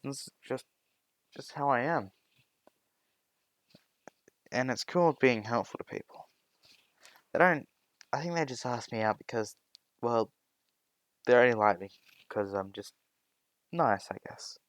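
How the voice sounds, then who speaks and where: A man's voice: medium pitch, a little slow, pauses often, no room sound, close to an everyday voice. A man voicing a boastful, teasing middle-aged father in a fan-made spoken story. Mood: grumbling. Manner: loud, jokey, defensive.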